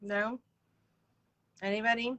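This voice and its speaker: Taking things slowly, a woman with a mid-range, sharp-toned voice and fairly even intonation hosts a live video interview. Heard through a video call, she chats casually and welcomes viewers by name.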